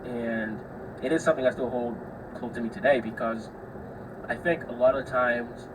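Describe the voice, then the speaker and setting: A man's voice: medium pitch, steady tone, normal speed, recorded from a distance, noisy background. Chatty young man, slightly off-mic. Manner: chatty, swears freely, acts out the people in his stories. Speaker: podcast host. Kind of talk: casual solo storytelling.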